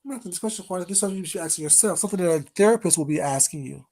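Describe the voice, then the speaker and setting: A vlogger in a mid-pitched voice, neither high nor low, running a confrontational call-out rant. The delivery is taunting and sarcastic. Pet names are drawn out, and pointed rhetorical questions come one after another. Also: expressive, very fast, dark tone.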